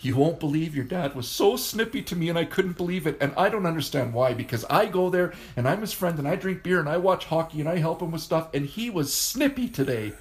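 A man putting on a higher, aggrieved gossiping woman. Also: lively intonation, a little fast, few pauses, close to an everyday voice. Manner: aggrieved run-on complaining. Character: gossiping woman complaining on the phone.

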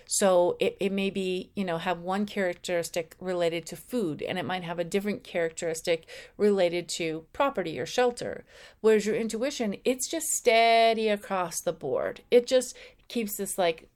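A woman giving a conversational spiritual teaching talk, acting out the anxious and calm inner voices now and then. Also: mid-range voice, moderate pace, smooth. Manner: acts out voices of ego and intuition; conversational, with slips and restarts. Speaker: spiritual speaker.

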